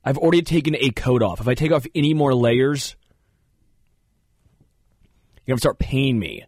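A man hosting a talk show, telling rambling, animated stories in casual studio banter. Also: medium pitch, fast talker, breathy edge, no room sound. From Kansas City area. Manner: rambling, animated storyteller who jumps into funny voices. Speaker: radio show host.

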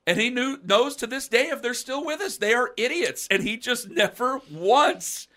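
A middle-aged man on a podcast, telling rambling stories in a casual, animated way. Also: very high voice, moderate pace. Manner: rambling, animated storyteller with mocking quoted voices. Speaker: podcast co-host. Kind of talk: casual storytelling chat.

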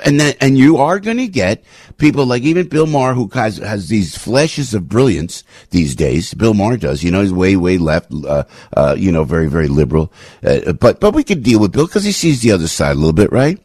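Brief: husky male radio host, dry studio mic, rants with sudden jumps to a high pitch. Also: big pitch swings, a little fast, darkish tone, no echo. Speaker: radio talk show host. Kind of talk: opinionated talk radio monologue. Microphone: studio radio microphone.

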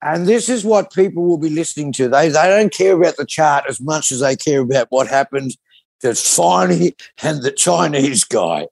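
Aussie male co-host, dry and teasing, everyday pitch. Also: expressive, normal speed, creaky, a little mellow. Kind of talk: casual radio chat.

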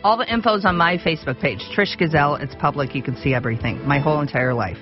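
A woman's voice: low voice, quick pace, dull audio, soft background music. A woman on a radio talk show, chatting and plugging a church food festival. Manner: chatty, promotional, laughing. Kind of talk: casual radio chat.

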